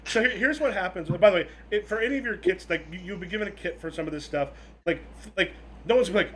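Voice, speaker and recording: A man's voice: sits high, fast talker, fairly bright tone. A man running a tabletop game as game master, giving loose, rambling explanations.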